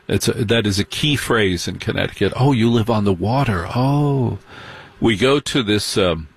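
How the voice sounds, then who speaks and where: A man with a husky, fairly low voice telling a comic story in stand-up style. He is sardonic and animated and throws in mocking asides. The sound is dry and close, with no room around it. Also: dry recording. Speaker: comedian.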